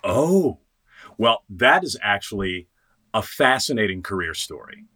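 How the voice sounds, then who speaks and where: Bright-voiced animated male storyteller. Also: on the low side, unhurried, breathy edge. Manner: animated storyteller, quotes others in lively voices. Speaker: voice actor guest. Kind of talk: casual interview storytelling.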